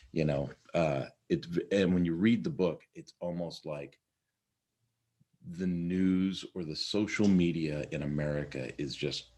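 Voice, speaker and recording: A man with a very deep, slightly husky voice talks through a casual morning check-in. He rambles conversationally, circling back with fillers and restarts as he goes. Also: a little mellow. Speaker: podcast host.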